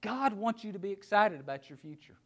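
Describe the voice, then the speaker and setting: A middle-aged man preaching a sermon, with emphatic word-by-word stress and rhetorical questions, often dropping to a quiet, low voice on key words. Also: lively intonation, fairly quick. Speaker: pastor.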